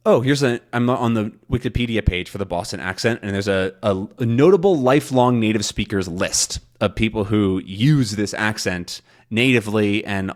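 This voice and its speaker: A man teaching English learners in a relaxed, rambling monologue, thinking aloud with many fillers and restarts. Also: on the low side.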